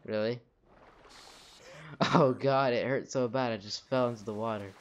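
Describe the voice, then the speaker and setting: The audio is dull, and the young man's medium-pitched voice stays fairly even at a moderate pace. Over game music, he gives laid-back let's-play commentary, describing his moves and cursing at the game when it turns on him.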